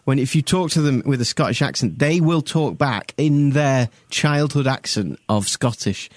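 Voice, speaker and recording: Podcast host guy, teasing and stirring things up, dry close sound, average pitch. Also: normal speed, no echo. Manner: teasing, provocative. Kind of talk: casual podcast chat.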